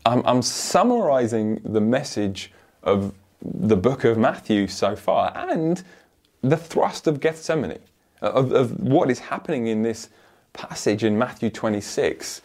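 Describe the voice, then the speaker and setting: A man preaching a sermon, lively and earnest, acting out imagined voices and often repeating words as he starts a thought. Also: medium pitch, a little slow. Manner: animated, acts out voices of others, repeats words when starting.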